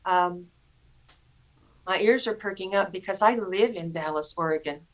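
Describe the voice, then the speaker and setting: A woman slowly telling a personal story to a meditation group over a video call, earnest and halting, with pauses and fillers. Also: lowish voice, dull audio.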